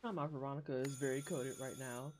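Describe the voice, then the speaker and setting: A woman streamer reacting to game trailers live, rambling and swearing with animated asides to chat. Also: rumbling low, fast talker, a little hiss or hum.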